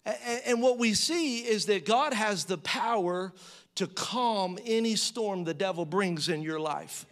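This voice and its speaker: A man preaching a sermon in a conversational style, asking the audience rhetorical questions and acting out quotes with rising pitch and volume. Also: measured pace, a bit bright. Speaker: pastor.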